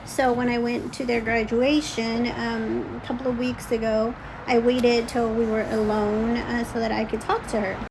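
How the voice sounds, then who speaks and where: A woman's voice: a little high, flat delivery, moderate pace, background noise. A middle-aged woman telling a personal story, agitated, full of fillers and restarts, acting out what others said. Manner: agitated, frequent fillers and restarts, acts out quoted speech. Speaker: vlogger.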